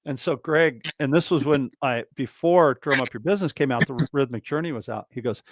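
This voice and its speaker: A man's voice: mid-range voice, fairly quick, background noise. A man, a guest drummer, telling stories in a casual interview, rambling and acting out other people's lines. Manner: animated, acts out other people's lines in a raised voice; rambling, many restarts and fillers. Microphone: video call livestream mic.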